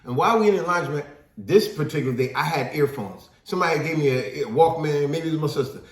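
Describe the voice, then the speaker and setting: Man, casual discussion, lively storyteller, acts out quotes, echoey room. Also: on the high side, fast. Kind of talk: casual talk-show discussion.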